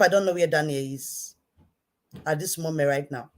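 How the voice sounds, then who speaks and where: A woman with a Nigerian accent giving an impassioned rant to camera, repeating herself emphatically and swinging between quiet intensity and shouting. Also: sits low, normal speed, long pauses. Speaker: online commentator.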